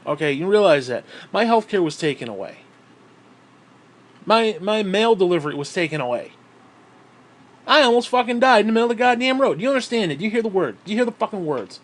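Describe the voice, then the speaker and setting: A man's voice: sits high, big pitch swings, quick pace. A man from New York State ranting bitterly and swearing constantly in a vlog, still out of breath as he talks. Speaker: vlogger.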